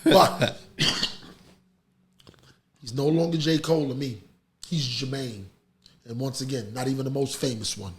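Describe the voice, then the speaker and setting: A man's voice: medium pitch, measured pace, long pauses. A middle-aged man, hosting a podcast in casual, heated chat and ranting animatedly. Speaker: podcast host.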